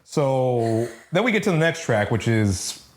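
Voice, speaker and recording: A man co-hosting an album review podcast, talking in a relaxed, hesitant way and filling pauses with "uh.". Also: medium pitch. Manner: relaxed, hesitant, lots of fillers. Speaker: podcast co-host. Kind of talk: casual album review chat.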